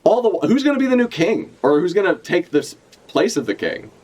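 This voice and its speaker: Animated, profane man streaming a reaction. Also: high voice, a little fast. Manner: animated, casual and profane, laughing often. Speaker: streamer reacting to a manga chapter. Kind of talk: live reaction commentary.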